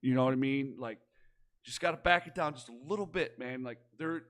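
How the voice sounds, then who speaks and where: A man with a Midwestern American accent judging wrestling promos, encouraging and rambling, sometimes getting loud. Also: mid-range voice, fairly quick. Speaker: promo competition judge. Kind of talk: candid spoken critique.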